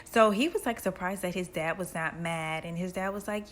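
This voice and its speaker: A woman's voice: lowish voice, normal speed. A woman casually retelling a book in slangy, conversational language. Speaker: book summary narrator.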